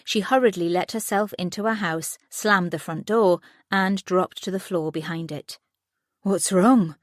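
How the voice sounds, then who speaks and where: Woman narrator, audiobook thriller, steady even reading, low voice, dry close studio sound. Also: moderate pace, dry recording. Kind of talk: scripted narration.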